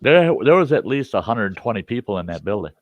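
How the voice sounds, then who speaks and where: A man's voice: fairly low pitch, a little fast, no room sound. Folksy man telling a salty yarn. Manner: folksy, animated, salty language. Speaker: storyteller host. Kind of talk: casual spoken storytelling. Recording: dull dry lo-fi recording.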